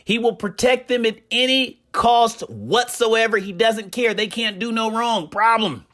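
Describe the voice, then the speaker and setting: A man giving casual commentary on his gaming community, telling stories in an animated way with a repeated catchphrase. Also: very high-pitched, unhurried.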